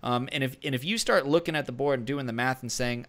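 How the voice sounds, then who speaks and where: A man's voice: mid-range voice, fast, hardly any pauses, a bit bright. A man co-hosting a gaming podcast, giving casual strategy advice in a rambling way with many fillers and restarts. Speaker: podcast co-host.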